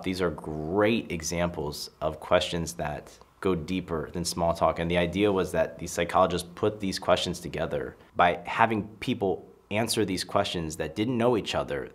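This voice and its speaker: Low-voiced man coaching social skills. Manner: emphatic, acts out example lines. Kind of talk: casual advice talk to camera.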